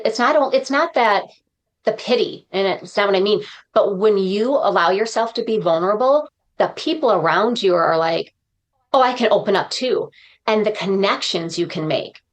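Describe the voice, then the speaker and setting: A woman guest on a podcast, a motivational speaker talking in an earnest, reflective way and dropping uplifting sayings. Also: lowish voice. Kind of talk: podcast interview conversation.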